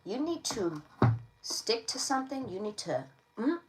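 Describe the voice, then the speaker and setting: A woman's voice: a little high, very animated, a little slow, heavy background noise. Slangy, playful woman tarot reader. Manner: slangy, playful, keeps checking in with "all right?". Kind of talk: casual tarot reading to camera.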